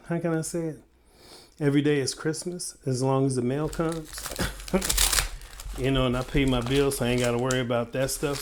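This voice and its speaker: Male reviewer with a drawl, unhurried and rambling, casual unboxing chat. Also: mid-range voice, background noise. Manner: chatty, rambling, playful asides. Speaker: product reviewer.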